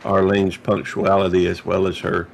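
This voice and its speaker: Middle-aged man, low gravelly voice, hesitant casual chat, faint noise. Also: flat delivery, moderate pace. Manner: hesitant, many fillers and restarts. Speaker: livestream co-host.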